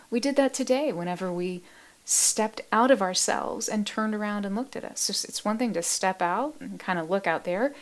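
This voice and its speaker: A woman hosting a live meditation stream, chatting casually with viewers in a soft, gentle voice that often drops to a near-whisper, affectionate and quick to laugh. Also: mid-range voice. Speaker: meditation livestream host. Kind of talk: casual livestream chat reading viewer comments.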